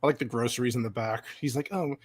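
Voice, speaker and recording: A man's voice: medium pitch, fairly even intonation, fast, slightly rough, no echo. A man hosting a casual movie commentary chat, making crude jokes and laughing often. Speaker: podcast host.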